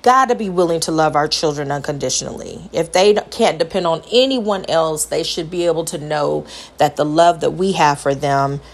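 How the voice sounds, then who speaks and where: A middle-aged woman with a high voice, talking earnestly about parenting and repeating phrases for emphasis. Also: normal speed, gravelly. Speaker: parent sharing advice. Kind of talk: personal talk to camera.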